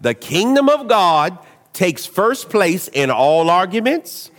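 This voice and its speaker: Animated preacher man in a reverberant hall. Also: takes it slowly. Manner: animated storytelling, swinging from low asides to shouts. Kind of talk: sermon.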